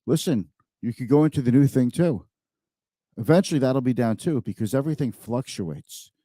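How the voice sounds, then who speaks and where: A man's voice: medium pitch, animated, moderate pace, dark tone, no room sound. Man, finance show host, live stream talk, dry close mic, conversational, emphatic. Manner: conversational, emphatic, repeats words.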